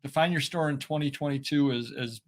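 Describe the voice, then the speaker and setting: A man co-hosting a live reselling chat, rambling and halting with many fillers, his speech a little slurred. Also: on the high side. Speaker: co-host of a reselling show. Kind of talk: casual live-stream chat.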